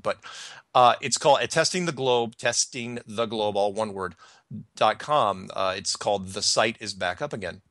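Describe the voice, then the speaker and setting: A man hosting a podcast chats casually and rambles, halting and restarting his sentences. His voice sits slightly low with a bright, forward edge. The recording is close and dry. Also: vocal fry, dry recording. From Washington state, United States. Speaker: podcast host.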